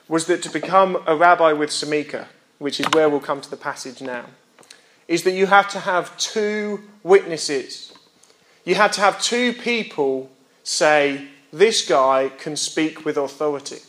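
A man's voice: fairly high pitch, a little slow, fairly bright tone. A young man giving a sermon. He reads scripture aloud, explains it plainly, checks in with his listeners and voices rhetorical questions. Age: young adult. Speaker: preacher.

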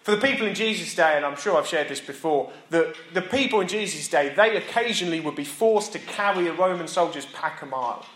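British guy preaching in church, kinda high voice, chatty asides, roomy echo. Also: lively intonation, fairly quick, few pauses, fairly bright tone. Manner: conversational preaching with asides and self-mocking laughs. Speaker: pastor. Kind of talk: sermon.

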